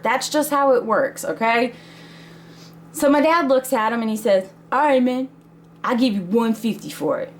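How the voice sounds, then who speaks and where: A woman's voice: fairly high pitch, slight background noise. A woman in her thirties telling a family story in a chatty, casual way with laughs between lines.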